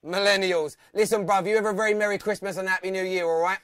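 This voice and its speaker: A man's voice: high voice, fairly even intonation, quick pace, a bit bright, clean tone, dry recording, clean studio sound. Teasing man hosting a phone-in. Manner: chatty, laughs often, teasing callers. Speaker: phone-in host. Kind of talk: live fan phone-in show.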